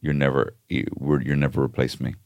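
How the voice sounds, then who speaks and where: A man in his thirties co-hosting a podcast, chatting casually in a blunt, sweary, deadpan way. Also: rumbling low, quick pace, creaky, no echo, highs cut off. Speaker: podcast co-host. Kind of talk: casual chat.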